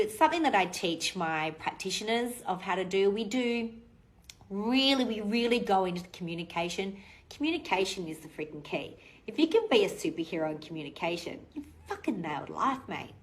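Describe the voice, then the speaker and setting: A woman in her forties with an Australian accent, a relationship coach talking casually to camera, blunt and animated, swearing freely. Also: mid-range voice, fairly quick, low-quality recording.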